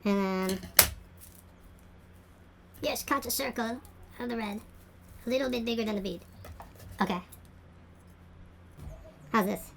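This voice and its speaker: A woman's voice: fairly high pitch, measured pace, creaky, pauses often, a little hiss or hum. A woman art teacher giving a craft tutorial, chatting and thinking aloud as she works.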